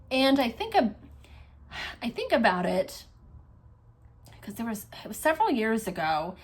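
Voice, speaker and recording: A woman's voice: medium pitch, a bit bright. A woman hosting a cross-stitch vlog, telling stories in a chatty, enthusiastic way and laughing often. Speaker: Flosstube host. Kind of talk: casual storytelling vlog.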